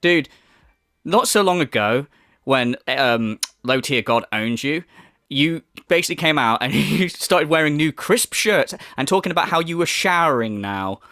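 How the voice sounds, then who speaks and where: Profane man ranting, lively pitch. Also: a little slow, no echo, studio quality. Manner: profane, mocking, exasperated. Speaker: commentary YouTuber. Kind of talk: ranting video commentary.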